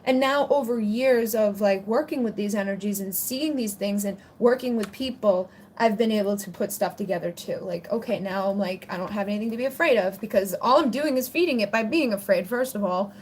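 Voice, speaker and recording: A woman's voice: medium pitch, a little fast, few pauses, darkish tone, a little hiss or hum. A woman hosting a casual livestream Q&A on spiritual topics, chatty and rambling with plenty of "like" fillers. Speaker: spiritual channel host answering viewer questions.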